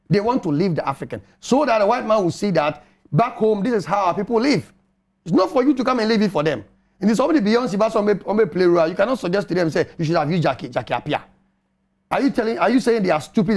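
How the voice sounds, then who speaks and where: A man's voice: sits high, creaky, a little mellow. A middle-aged man with a Ghanaian accent, arguing on a talk show and firing off rhetorical questions. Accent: Ghanaian English. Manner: emphatic, argumentative, rhetorical questions. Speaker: panelist. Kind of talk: animated radio talk show commentary.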